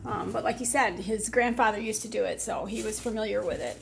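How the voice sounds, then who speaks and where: A woman's voice: mid-range voice, fairly quick, gravelly, a little hiss or hum. A middle-aged woman hosting a casual home cooking demonstration in her kitchen. She rambles chattily through asides and laughs often. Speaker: home cooking show host.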